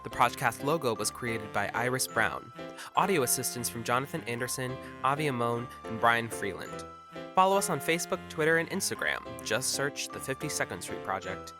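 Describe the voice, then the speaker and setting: A man's voice: medium pitch, expressive, brisk, music in the background. A man hosting a podcast, giving friendly, conversational introductions and credits. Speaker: podcast host.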